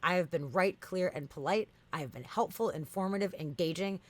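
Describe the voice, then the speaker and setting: A woman's voice: fairly low pitch, brisk, close to an everyday voice. A woman reading aloud as a stubborn, defensive chatbot that lectures in insistent, repetitive lists. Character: stubborn defensive chatbot, machine, self-righteous.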